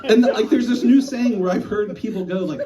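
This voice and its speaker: Animated male stand-up comic, heard from a distance. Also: high-pitched, normal speed, crowd noise. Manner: animated storytelling, acting out voices. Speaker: stand-up comedian. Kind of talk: stand-up comedy set. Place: small live venue. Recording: voice from a distance in a small room.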